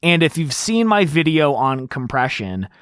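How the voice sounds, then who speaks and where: A man hosting an audio tutorial, explaining step by step in a casual, animated way while demonstrating on a studio microphone. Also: a little high, normal speed, clear, resonant tone, no room sound. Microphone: studio microphone through an audio interface.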